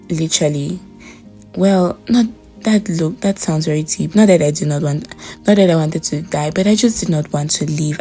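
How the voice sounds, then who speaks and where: A woman's voice: low voice, dark tone. A woman in her early twenties hosting a faith podcast, urging listeners earnestly and repeating phrases for emphasis. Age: early 20s. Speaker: podcast host.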